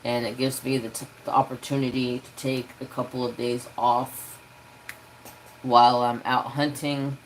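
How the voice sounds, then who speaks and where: A man chatting casually on his craft live stream. He rambles along slowly and easily, with plenty of fillers and an even, mid-range voice. A faint hiss sits behind him. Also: medium pitch, low-quality recording. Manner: rambling, easygoing, with many fillers.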